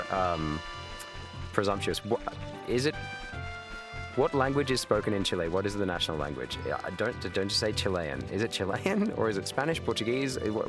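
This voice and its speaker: An Australian man in his thirties chatting casually while streaming a game, swearing and answering his chat. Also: low-pitched. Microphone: webcam. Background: video game music.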